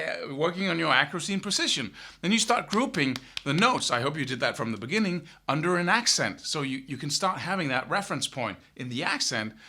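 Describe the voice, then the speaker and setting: A middle-aged man teaching guitar, talking in an animated way and scatting riffs with syllables. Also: a little high. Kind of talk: spoken guitar lesson.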